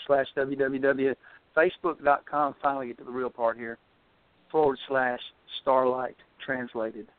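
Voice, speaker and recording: Guy on a call-in show, reads a poem calm and slow then jokes around, phone line sound. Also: mid-range voice, no room sound. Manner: measured when reading, friendly and joking. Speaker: caller. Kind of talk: poetry reading and casual chat.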